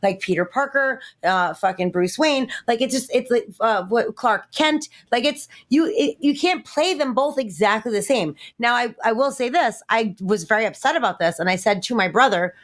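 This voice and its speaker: A woman, a guest on a casual panel podcast, ranting profanely with lots of fillers and restarts. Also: medium pitch.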